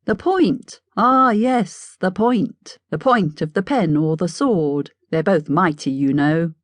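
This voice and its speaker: A woman's voice: on the low side, takes it slowly, no echo, voice pushed up. A woman voicing a mad, sing-songy male hatter with an unhinged, wheedling manner in an audiobook. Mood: sing-song teasing. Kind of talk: audiobook character voice.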